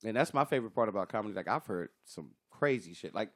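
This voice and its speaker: Fast-talking animated comedian man. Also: lowish voice. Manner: animated storytelling, swearing freely. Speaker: stand-up comedian guest. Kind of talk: casual podcast chat.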